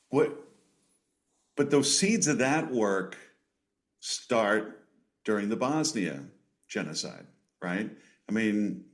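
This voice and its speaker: A man hosting a podcast interview, asking long, winding questions. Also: lowish voice. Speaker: podcast host.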